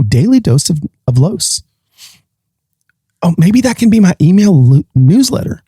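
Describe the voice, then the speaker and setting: A man's voice: a little high, darkish tone, dry recording, clean studio sound. A man hosting his own podcast in a playful, sing-song, chatty way. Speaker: podcast host. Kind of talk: casual solo podcast talk.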